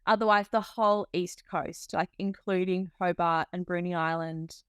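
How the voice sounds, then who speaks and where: A young Australian woman, a midwife, chatting easily as a podcast guest, friendly and relaxed, often trailing off softly. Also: fairly low pitch, moderate pace, clear, resonant tone, no room sound, studio quality. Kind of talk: casual interview chat.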